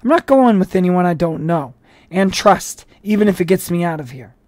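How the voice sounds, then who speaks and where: Reader voicing a defiant young man in a cell, pushy and loud, close dry sound. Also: medium pitch, lively intonation, normal speed, no room sound, natural voice. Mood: insistent.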